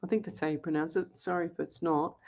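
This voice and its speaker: A woman's voice: low-pitched, steady tone, fast talker, gravelly, a little mellow. A middle-aged woman, a psychic medium hosting a live show and chatting through viewer comments in an upbeat way. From Australia. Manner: chatty, upbeat, thinks aloud. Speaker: psychic medium radio host.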